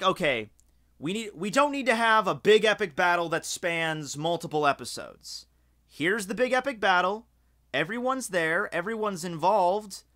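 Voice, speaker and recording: A man from Scotland giving casual, rambling video commentary, excited and swearing freely, with lots of fillers. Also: high-pitched. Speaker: video reviewer.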